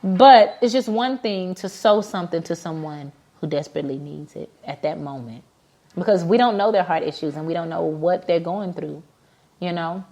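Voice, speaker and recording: A woman's voice: on the low side, moderate pace, warm tone. A woman in her thirties, a business owner hosting a casual motivational talk, telling personal stories in a heartfelt way with many fillers. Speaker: business owner and podcast host.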